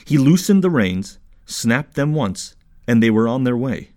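Expressive male audiobook narrator. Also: mid-range voice, measured pace.

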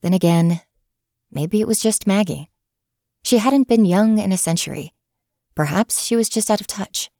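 A woman narrating a story in a measured, even manner, recorded close on a studio mic. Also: mid-range voice, no room sound. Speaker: audiobook narrator. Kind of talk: scripted narration.

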